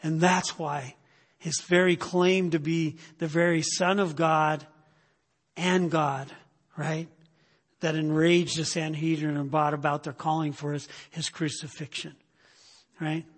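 A man's voice: fairly high pitch, flat delivery, a little slow. A man preaching a sermon, emphatic, repeating phrases and checking in with "right?". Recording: long reverb of a hall.

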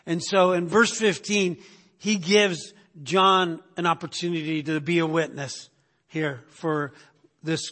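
A man's voice: fairly high pitch, fairly bright tone. A man preaching a sermon as pastor, telling a story casually with restarts and frequent "right?" asides. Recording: hall reverb.

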